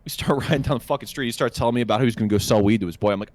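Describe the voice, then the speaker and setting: A young podcast co-host tells a long story on a casual show, swearing freely and animatedly acting out what people said. His medium-pitched voice moves very fast.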